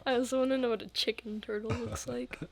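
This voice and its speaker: A woman's voice: fairly high pitch, fairly even intonation, fast, gravelly, over loud music. A woman co-hosting a podcast, chatting casually, distracted and giggly, often giving short answers. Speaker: podcast co-host. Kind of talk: casual chat.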